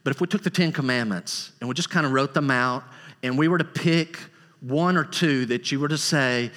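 A man preaching a sermon as a pastor, emphatic and rising into high, excited bursts. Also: normal speed. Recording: long reverb of a large hall.

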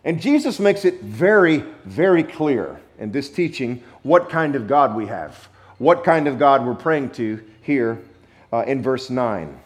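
A man preaching a sermon, emphatic, with dramatic pauses and repetition, sometimes playful. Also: medium pitch, lively intonation. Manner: playful, acts out wrong versions for effect. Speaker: pastor.

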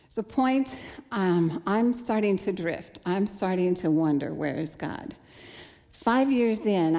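This mellow, medium-pitched voice belongs to a woman in her forties preaching a sincere testimony. She voices her own past thoughts as the story unfolds, and the recording carries a long hall reverb.

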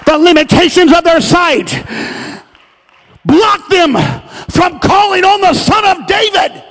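A man preaching a sermon in a church, building his points with repeated refrains and shouted emphasis. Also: very high-pitched, takes it slowly, gravelly. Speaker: pastor. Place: church sanctuary.

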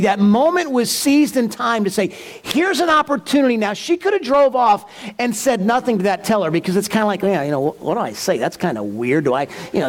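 High-voiced animated man preaching. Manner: animated, acts out voices in stories. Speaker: pastor. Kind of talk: storytelling sermon.

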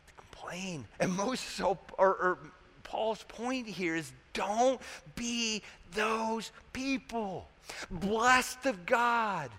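A man's voice: very high voice, pushed and bright. A man preaching a sermon as a pastor, talking conversationally and asking the congregation rhetorical questions. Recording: echoey hall reverb.

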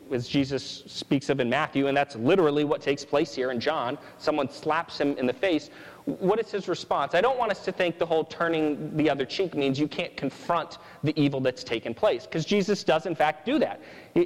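A man's voice: a little high, big-room sound, low-quality recording. A man preaching a sermon, earnestly explaining scripture and asking "right?" again and again. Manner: earnest, repeats "right?" often.

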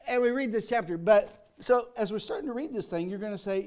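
An older man preaching a sermon in a folksy, conversational way, rising into emphatic reading and dropping to quiet asides. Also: high voice, lively intonation, fast, hardly any pauses. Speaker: pastor.

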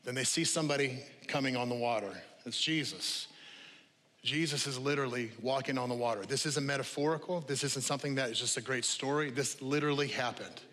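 A male pastor preaching a lively, conversational sermon to a congregation, repeating key phrases and dropping humorous asides. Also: medium pitch, fairly quick. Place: church auditorium with live congregation. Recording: long hall reverb.

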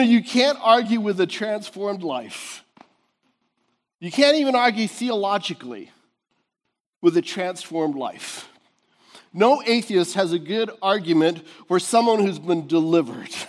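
A pastor preaches a sermon to his congregation in a high, lively voice, swinging from near-shouts to hushed tones. He laughs often between his points.

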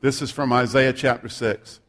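A man's voice: mid-range voice, fairly even intonation, moderate pace, a bit bright. Male pastor, mid-range voice, sermon reading with humorous asides. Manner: humorous, self-deprecating asides.

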